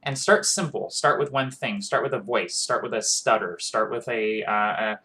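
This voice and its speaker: A man's voice: medium pitch, moderate pace, pushed and bright. A man gives casual tips on tabletop role-playing. He speaks earnestly and loosely, with frequent fillers and restarts. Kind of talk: casual advice monologue.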